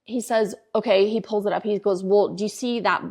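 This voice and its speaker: A woman's voice: medium pitch, fairly even intonation, brisk, a little mellow. Chatty, exasperated woman podcast host. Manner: chatty, exasperated, swears freely, acts out quoted dialogue. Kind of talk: casual storytelling monologue.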